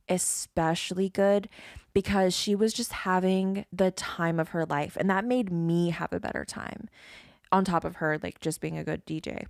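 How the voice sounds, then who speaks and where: A woman with a Southern US accent, co-hosting a podcast. She chats in a giggly, rambling way in a fairly low voice. The sound is dry and close. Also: dry recording. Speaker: podcast co-host. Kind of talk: casual chat.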